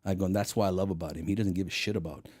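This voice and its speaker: Racing along in a low-pitched voice, a middle-aged retired federal agent shares stories during a casual interview. He's animated throughout, acting out every bit of quoted dialogue.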